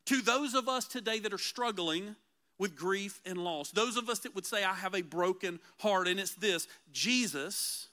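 A man preaching a conversational sermon as pastor, earnest and emphatic, slowing down to repeat key phrases. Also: very high-pitched, pushed and bright.

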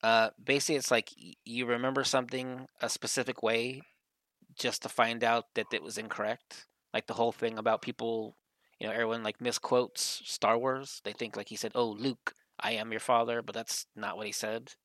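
A man co-hosting a casual podcast, rambling through a story with a steady stream of "like" and "you know". His voice sits at an ordinary middle pitch. The recording is dry and close, with no room sound. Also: moderate pace, no room sound. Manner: rambling storyteller, heavy use of "like". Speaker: podcast co-host. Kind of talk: casual chat.

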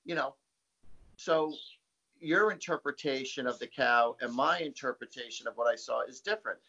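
A man's voice: medium pitch, moderate pace, pushed and bright, highs cut off. A man, a psychic guest, telling stories casually in an interview, rambling with many fillers and repeated words.

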